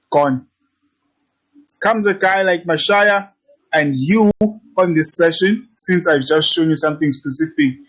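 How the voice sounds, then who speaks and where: A man's voice: fairly high pitch, low-quality recording. A man teaching trading in a casual walkthrough, brash and teasing, repeating his points and swearing freely. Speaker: trading instructor. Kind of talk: casual screen-share tutorial.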